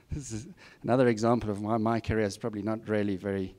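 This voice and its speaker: Here a guest speaker, a middle-aged man, addresses students informally. His voice sits lowish and a little mellow, moving little in pitch as he talks fairly quickly, handing out blunt career advice with self-mocking remarks.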